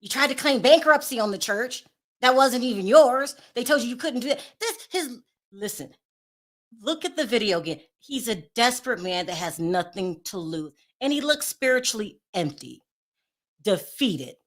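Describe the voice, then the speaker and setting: A woman's voice: a little high, animated, moderate pace. A woman hosting her own commentary show, talking casually with sarcastic, sassy asides and laughing at her own remarks. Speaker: commentary vlogger.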